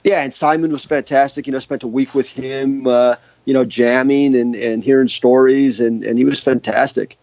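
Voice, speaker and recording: A man's voice: mid-range voice, fairly even intonation, normal speed, hardly any pauses, a little mellow, dry recording. A man, a guitarist, telling stories in a casual interview, rambling with many restarts and fillers. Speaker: guest guitarist. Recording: dull lo-fi dry sound.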